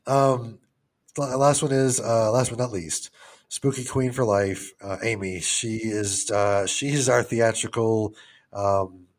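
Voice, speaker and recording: A man's voice: lowish voice, steady tone, takes it slowly. A middle-aged man co-hosting a podcast, rambling casually with plenty of swearing and jokes. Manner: rambling, profane, joking. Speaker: podcast co-host.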